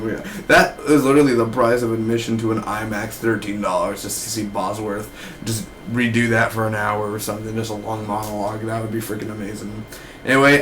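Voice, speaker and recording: A man's voice: fairly low pitch, a bit bright, a little hiss or hum, rough recording. A man in his twenties giving a casual, rambling TV episode review, full of slang like "man" and "dude". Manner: slangy, loose, keeps saying man and dude. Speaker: TV show reviewer.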